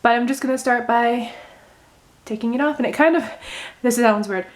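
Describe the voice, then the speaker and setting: A young woman talks through a craft project in a loose, rambling way, full of little fillers and asides. Her voice sits a touch high, and her tone stays gentle and easygoing. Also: normal speed. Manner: rambling, gentle, thinks aloud with many fillers. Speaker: crochet vlogger. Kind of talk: casual how-to chat while unraveling knitting.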